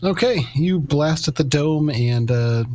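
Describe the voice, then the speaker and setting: A man narrating as game master of a superhero tabletop game, relaxed and hesitant, with many fillers. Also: a little high, measured pace.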